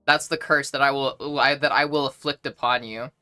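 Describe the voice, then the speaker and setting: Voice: medium pitch, steady tone, moderate pace, pushed and bright, soft background music. A young adult streamer casually chatting with a live audience, playful, profane and mock-indignant. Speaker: livestreamer reading chat.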